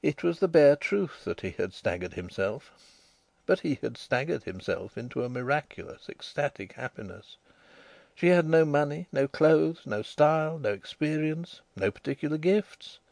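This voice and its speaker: Male audiobook reader, expressive and lively, dry sound. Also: a little high, creaky, dry recording. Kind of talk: scripted narration of a novel.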